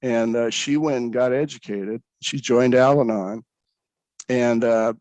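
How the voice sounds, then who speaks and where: A man's voice: medium pitch, fairly even intonation, measured pace, darkish tone, no echo, muffled recording. A man, a pastor in recovery, speaking earnestly about his own story, with frequent restarts. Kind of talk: candid personal storytelling.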